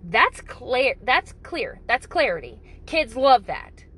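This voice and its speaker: A woman's voice: on the high side, sing-song, takes it slowly, a bit bright, husky, poor audio. A woman talking casually to camera with parenting advice, blunt and profane, joking and exaggerating as she goes.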